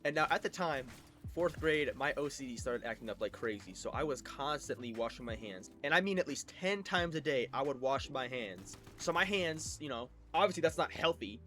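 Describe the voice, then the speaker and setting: A young man telling childhood stories in a rambling, self-mocking way, acting out quotes with sudden loud bursts. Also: mid-range voice, lively intonation, moderate pace. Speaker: storytime creator. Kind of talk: casual storytelling.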